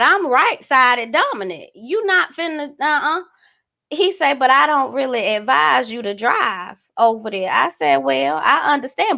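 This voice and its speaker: A woman's voice: high voice, gravelly. A woman, telling a personal story in casual chat and acting out each voice. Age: 30s. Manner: animated, acts out every voice in her story. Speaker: guest. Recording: muffled lo-fi audio.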